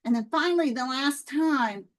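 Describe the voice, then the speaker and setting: A woman talking casually to her viewers, telling faith stories in a chatty, lively way. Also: high voice, normal speed, low-quality recording. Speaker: Christian author and video host.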